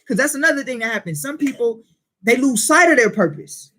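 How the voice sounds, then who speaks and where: Husky man teaching a Bible class. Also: extremely high pitch, brisk. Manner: animated, questioning the class.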